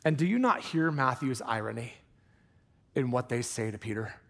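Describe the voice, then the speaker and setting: A man preaching a sermon from the pulpit, animated and earnest, dropping into hushed intensity for emphasis and tossing in casual jokey asides. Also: mid-range voice, moderate pace. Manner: jokey asides with put-on accents. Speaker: pastor. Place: church sanctuary.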